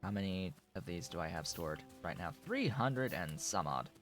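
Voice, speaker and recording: A man's voice: expressive, normal speed, fairly bright tone, faint music behind. A man streaming a game from home, thinking aloud in a rambling way and correcting himself as he talks. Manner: rambling, self-correcting, coos at his cat in a high voice. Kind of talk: casual live-stream commentary. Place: home room with a green screen. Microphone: desk microphone.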